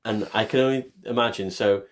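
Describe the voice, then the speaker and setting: Deep-voiced man rambling casually. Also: steady tone, fairly quick. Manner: rambling, self-deprecating, restarts often. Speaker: podcast co-host. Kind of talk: casual chat.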